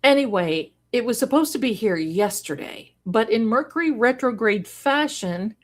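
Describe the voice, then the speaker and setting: A woman hosting a casual livestream, reading viewer comments aloud and gushing over them with sudden excited exclamations. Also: a little high, normal speed. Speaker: livestream host and card reader.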